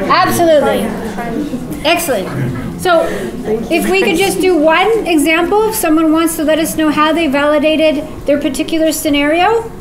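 Woman, workshop facilitator, high voice, upbeat and encouraging, echoey room. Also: normal speed, crowd noise. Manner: upbeat, encouraging, with many "so" and "right?". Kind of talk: teaching a live workshop. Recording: echoey room with faint noise.

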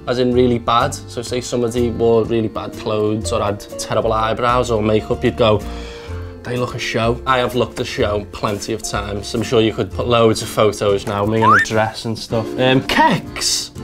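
A man's voice: mid-range voice, steady tone, moderate pace, hardly any pauses, music in the background. A young man from Liverpool with a Scouse accent, chatting playfully as a radio presenter explaining local slang and laughing often. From Liverpool, England. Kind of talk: casual explainer to camera.

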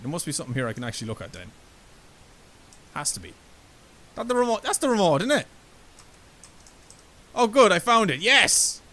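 A young Irish man commentating a horror game from a desk mic, his voice high and all over the place as he jumps from chatter to sudden yelps. The tone is bright and sharp, with a faint hum of room ambience underneath. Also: rough recording. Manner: excitable, swearing, yelps and screams when startled. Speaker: gaming YouTuber.

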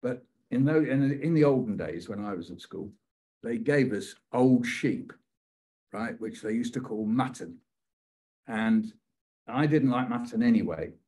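Older British man, husky, runs a poetry lesson with playful, rhythmic repetition. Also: mid-range voice, animated, a little slow, warm tone. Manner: playful, repeats phrases rhythmically, acts out quoted voices. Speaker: poet leading a writing workshop.

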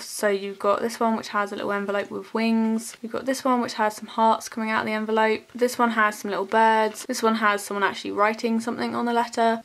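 A woman's voice: fairly high pitch, a bit bright. Chatty young woman vlogging. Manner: gushing, chatty, lists items one by one. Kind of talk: casual haul video narration.

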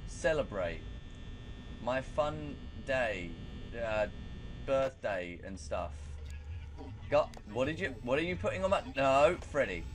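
A man's voice: medium pitch, big pitch swings, slow, a little hiss or hum. Jittery swearing man playing a horror game. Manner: nervous, profane, self-mocking. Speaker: gaming channel host. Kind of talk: horror game let's play commentary.

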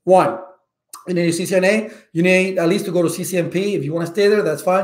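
A loud, emphatic male instructor talks casually to his viewers, with a voice that sits a bit high. He keeps punctuating his points with "okay?". The room gives his voice an echo. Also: fairly even intonation, quick pace. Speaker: IT certification instructor.

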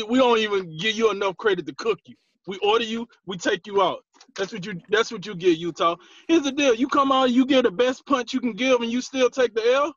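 A man co-hosting a casual sports chat, playfully trash-talking teams in an animated way. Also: very high voice, no echo, highs cut off. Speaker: podcast co-host.

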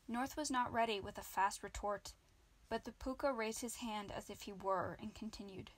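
A woman's voice: mid-range voice, normal speed. Woman reading a children's book aloud. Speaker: amateur audiobook reader.

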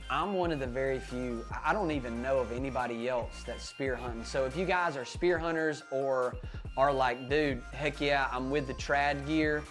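A young man, hosting a casual hunting vlog and telling a rambling, excited story full of fillers. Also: on the high side. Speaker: hunting channel host.

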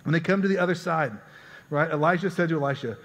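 A man's voice: on the high side, fast talker, fairly bright tone. A man preaching a sermon as pastor, earnest and conversational, often repeating words as he goes. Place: church sanctuary. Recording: church hall reverb.

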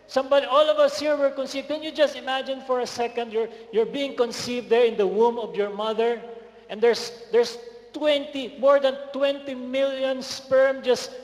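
Male guest preacher, high voice, energetic call-and-response, echoey hall recording. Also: moderate pace. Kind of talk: sermon. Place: large hall. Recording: echoey hall with faint noise.

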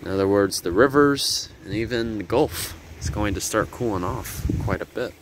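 Poor audio captures a man speaking at normal speed on a walking nature tour by a river in a windy garden. The vlogger's commentary is relaxed, explanatory and filler-heavy, with wind rumbling across his handheld camera mic.

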